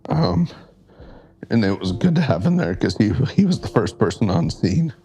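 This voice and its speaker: A man in a documentary interview, hesitant and pausing with ums. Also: on the low side, sing-song, dark tone.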